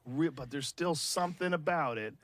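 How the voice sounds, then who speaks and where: A man's voice: a little high, normal speed, fairly bright tone, no echo. A man hosting a podcast, chatting casually and thinking aloud with restarts and short agreeing asides. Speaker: podcast host. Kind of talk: casual chat.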